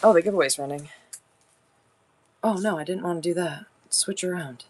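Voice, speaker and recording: A woman's voice: fairly low pitch, normal speed, a little mellow. A woman chatting casually on her seller livestream, rambling, laughing often and answering viewers' comments.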